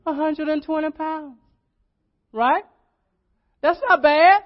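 A man's voice: extremely high pitch, slow pace, highs cut off. A man preaching a sermon as pastor, in a folksy, repetitive way, often asking the congregation questions.

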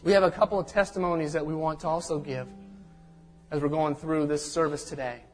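A man's voice: fairly high pitch, fairly even intonation, fairly quick, faint music behind. A man leading a church service as pastor, reading scripture verses and introducing testimonies. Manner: reads scripture, then introduces speakers. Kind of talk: sermon.

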